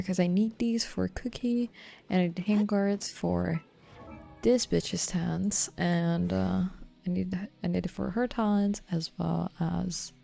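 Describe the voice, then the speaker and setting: A woman streamer chats over her gameplay in a lowish, gravelly voice. She thinks out loud in a relaxed, offhand way, swearing now and then. Her tone is dark and mellow. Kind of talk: live-stream gameplay commentary.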